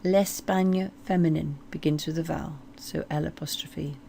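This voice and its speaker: A woman teaching French place names, slowly modeling each word. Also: sits low, steady tone, gravelly, dark tone, a little hiss or hum. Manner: slow, deliberate modeling of French words. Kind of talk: explanatory language lesson.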